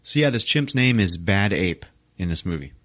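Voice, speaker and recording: A man's voice: low voice, lively intonation, moderate pace, fairly bright tone, no echo, studio quality. A man hosting a podcast, retelling a film plot in a casual, profane way and slipping into silly character voices. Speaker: podcast host. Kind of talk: casual movie recap.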